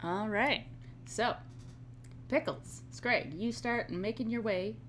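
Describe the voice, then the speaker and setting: A woman's voice: on the high side, slow pace, fairly bright tone, slight background noise. A woman narrating as game master of a tabletop game, laughing often as she talks.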